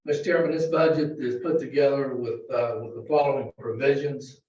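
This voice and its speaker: A man presenting a county budget to a board in a halting, filler-heavy way, recorded in a meeting room. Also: medium pitch, steady tone, darkish tone. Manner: halting, many fillers and restarts. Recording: distant, very echoey, dull meeting-room audio.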